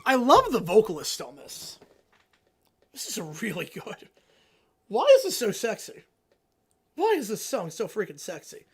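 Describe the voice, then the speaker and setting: A man hosting a live stream, chatting casually and answering viewers' questions, swinging between loud excited rants and quiet low asides. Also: a little slow, long pauses, breathy edge. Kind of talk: casual live reaction chat.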